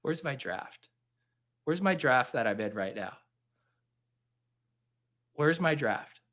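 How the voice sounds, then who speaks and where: A man's voice: medium pitch, animated, slow, a bit bright. A young man hosting a live stream, chatting casually in a jokey, rambling, caffeinated way. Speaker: livestream host. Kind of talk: casual livestream chat.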